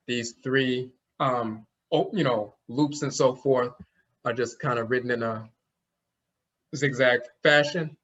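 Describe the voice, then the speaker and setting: A man's voice: medium pitch, fairly bright tone. Male teacher, online lecture, sounds out letters, slightly muffled audio. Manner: explains slowly, demonstrates sounds aloud.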